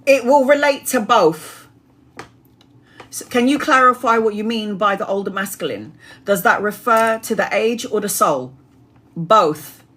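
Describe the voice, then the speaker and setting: A woman in her forties doing a live-stream tarot reading, chatty and blunt, swearing casually and rattling off card meanings in quick lists. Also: mid-range voice, animated, fairly bright tone, a little hiss or hum. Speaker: tarot reader.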